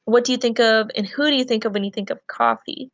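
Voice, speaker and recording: A woman teacher giving a recorded reading lesson. She reads a novel aloud and gives patient, clear instructions between passages. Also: on the high side, fairly even intonation, fast, dry recording.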